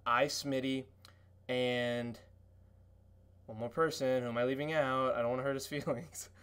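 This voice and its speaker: Excited man telling stories, loud quoting. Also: normal speed, background noise. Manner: excited storytelling, lots of cursing and fillers; acts out quotes in a much higher voice. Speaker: podcast guest. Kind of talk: casual podcast chat.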